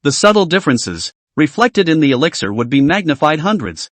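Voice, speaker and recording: A man's voice: on the high side, very animated, brisk, dry recording. A man giving a scripted, storytelling narration of a fantasy novel.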